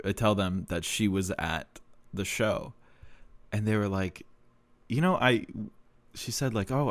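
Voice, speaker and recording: Low-voiced profane man telling stories. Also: no echo. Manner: rambling, profane, self-deprecating, laughs often. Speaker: podcast host. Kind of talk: casual storytelling monologue.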